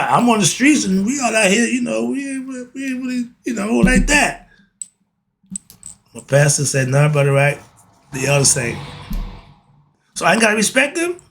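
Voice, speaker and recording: Streetwise guy with aave talking straight, bit high voice, laughs a lot, asks himself why and answers. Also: vocal fry, a bit bright, slight background noise. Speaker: host of a philosophy talk channel. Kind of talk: casual monologue.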